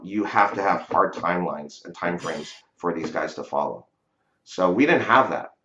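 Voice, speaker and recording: A man with a somewhat low voice recounts his experiences in a relaxed, conversational way, often checking in with "right?". The recording is dull and lo-fi, with noticeable room echo around him. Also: moderate pace. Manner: conversational, frequent "you know" and "right?". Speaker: real estate investor guest. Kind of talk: casual storytelling interview. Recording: dull lo-fi audio in a roomy space.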